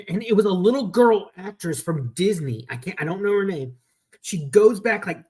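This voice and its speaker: Husky-voiced man telling rambling stories. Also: fairly high pitch, a little mellow. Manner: rambling anecdotal storytelling. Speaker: podcast host. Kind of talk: casual chat. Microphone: video call.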